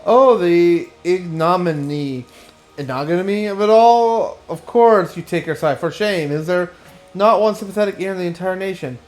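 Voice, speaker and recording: A man's voice: high voice, normal speed, soft background music, voice pushed up, natural voice. A man voicing a pompous, theatrical male aesthetician in a game, with a put-on French accent. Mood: melodramatic. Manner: mock French accent, grand and dramatic reading.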